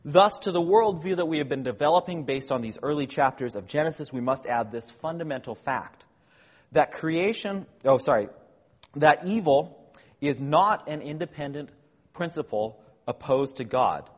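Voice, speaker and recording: A man gives a measured scripture lecture in a slightly husky voice. He explains each point patiently and corrects himself now and then. His voice rings with a long reverb, as if heard in a large hall. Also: fairly high pitch, expressive. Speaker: Bible teacher.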